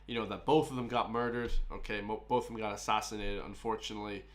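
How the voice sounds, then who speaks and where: A man's voice: lowish voice, fairly even intonation, fast. A man with an Irish accent hosting a reaction video, chatting casually with wry asides. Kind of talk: casual commentary.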